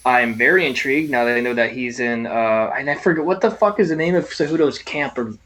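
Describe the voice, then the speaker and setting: A man co-hosting a casual fight-sports podcast, excitable and jokey with lots of swearing. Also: medium pitch, quick pace. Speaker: podcast co-host.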